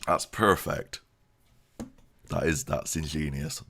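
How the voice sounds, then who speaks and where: A man's voice: deep voice, lively intonation, a little slow, pauses often, fairly bright tone. A man giving a casual channel update, rambling and self-deprecating, laughing often. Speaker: YouTube creator.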